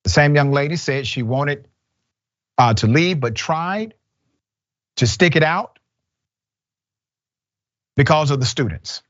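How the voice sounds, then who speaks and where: A man's voice: fairly high pitch, expressive, slow, pauses often, lo-fi sound. Emphatic talk show host, man. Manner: direct, emphatic, addresses people head-on.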